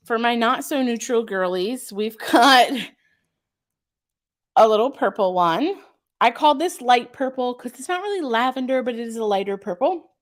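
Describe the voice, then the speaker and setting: A woman who runs a small craft shop, hosting a casual live stream. She chats and gushes about her products with lots of filler ums, and she reads out viewer comments and answers them. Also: fairly high pitch.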